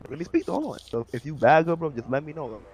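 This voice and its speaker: A man in role-play chat, rapid, pushy and slangy. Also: fairly high pitch, big pitch swings, a little mellow.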